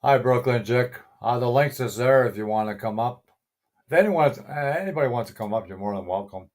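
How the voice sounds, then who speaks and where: A man's voice: medium pitch, expressive, a little fast. A middle-aged man hosting a casual live stream, greeting viewers by name, chuckling often and swearing mildly. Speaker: livestream host.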